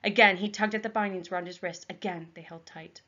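A woman's voice: mid-range voice, fairly quick, dull audio. Woman teacher reading a story aloud. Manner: expressive storytelling.

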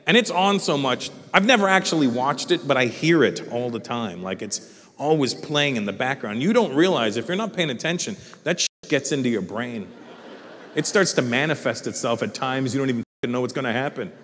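A man doing a stand-up routine, telling a story with swearing and acting out other people in squeaky voices. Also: fairly bright tone. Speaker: stand-up comedian. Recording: live theatre with long reverb.

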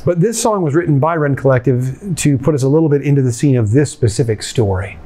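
A man pastor giving a conversational sermon, retelling a scene in a lively way and speaking straight to his listeners. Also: mid-range voice, fast talker.

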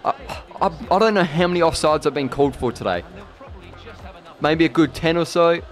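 A man commentating his own football video game career, yelling at missed chances and then muttering in defeat. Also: fairly high pitch, normal speed, soft background music. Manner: excitable, swings between shouting at the game and deflated muttering. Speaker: gaming YouTuber. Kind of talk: gameplay commentary.

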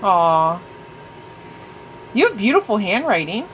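A woman chatting casually as she opens crafting mail, gushing and excitable, full of fillers. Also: mid-range voice, takes it slowly, a little hiss or hum, low-quality recording. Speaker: craft vlogger; mother. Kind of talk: casual unboxing chat.

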